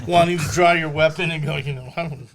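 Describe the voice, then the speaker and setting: Gravelly older man telling lively stories. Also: a little high, normal speed, slight background noise. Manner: animated, acts out voices in his stories. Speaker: podcast guest, former bail bondsman. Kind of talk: casual storytelling chat.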